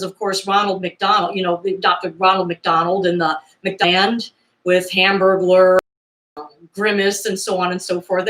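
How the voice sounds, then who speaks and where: A woman's voice: mid-range voice, a bit bright. A woman in her fifties talking casually as a vlogger, chatty and rambling, with knowing asides and frequent laughs. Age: 50s. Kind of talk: casual nostalgic commentary. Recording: roomy echo.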